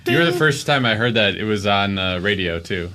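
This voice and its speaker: A man in casual chat with friends who gives joking explanations in a deadpan way. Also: lowish voice, a little fast, a little hiss or hum.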